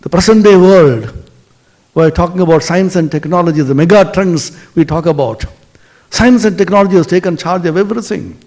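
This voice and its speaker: A man giving a spiritual lecture, telling stories expressively and dropping to soft tones for emphasis. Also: high-pitched, brisk.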